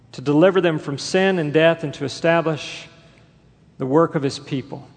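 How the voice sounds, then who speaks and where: A man preaching a sermon as pastor, emphatic and building to forceful bursts. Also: a little high, creaky, big-room sound.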